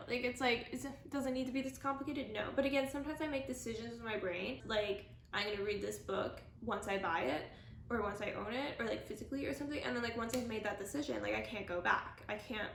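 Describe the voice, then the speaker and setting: A woman with a slightly high voice chats casually to camera as a book vlogger. She rambles and gushes, packing her talk with filler words and quick self-corrections. Her voice bounces around a roomy space, with a faint hiss underneath. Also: creaky, a bit bright. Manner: enthusiastic and gushing. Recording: roomy, echoey room.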